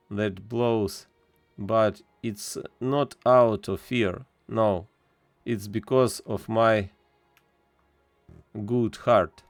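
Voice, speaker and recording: A man's voice: on the low side, smooth, no echo. A man reading the lines of a proud, touchy older fisherman, brooding and grumbling to himself.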